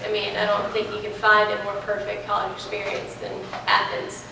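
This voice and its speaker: A woman's voice: medium pitch, monotone, moderate pace, vocal fry, few pauses. A young woman, chatting animatedly as a guest speaker in a classroom Q&A, recorded from a distance in an echoey room. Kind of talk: classroom Q&A talk. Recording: echoey room from afar, faint noise.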